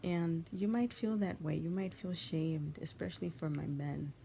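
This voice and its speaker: Soft-spoken young woman, half-whispering. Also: low voice, moderate pace, vocal fry, slight background noise. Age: young adult. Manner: soft, often half-whispered, gentle and comforting. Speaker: channel host. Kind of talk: heartfelt monologue of encouragement.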